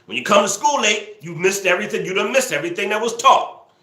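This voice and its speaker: A man hosting a live stream, teasing viewers and scolding trolls in the chat, sometimes yelling excitedly. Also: high-pitched, fast, roomy sound. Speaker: livestream host. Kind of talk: casual live-stream commentary, talking to the chat.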